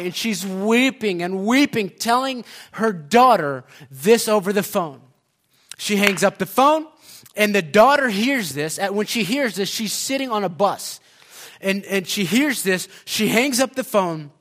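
Guy preaching a sermon, pretty high bright voice, lots of uh's and restarts, gets loud and fired up. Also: expressive, unhurried. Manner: storytelling, building to loud impassioned preaching; many fillers and restarts.

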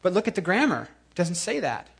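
High-voiced, emphatic male preacher. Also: brisk, gravelly, breathy edge. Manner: lively, emphatic, repeats words for effect. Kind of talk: sermon.

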